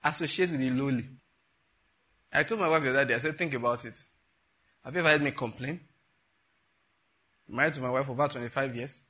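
Casting: middle-aged male Nigerian pastor, bright husky tone, animated storytelling sermon. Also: mid-range voice, brisk, long pauses. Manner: animated storyteller, bursts into laughing retellings.

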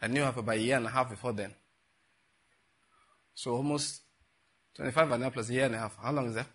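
Casting: middle-aged male Nigerian pastor, bright husky tone, animated storytelling sermon. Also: medium pitch, fast. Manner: animated storyteller, bursts into laughing retellings.

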